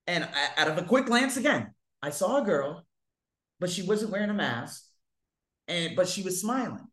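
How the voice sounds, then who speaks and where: A man telling stories to his viewers in a casual monologue, swearing freely and swinging widely in pitch and loudness. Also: moderate pace. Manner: profane, animated, big swings in pitch and loudness. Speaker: vlogger. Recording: echoey room.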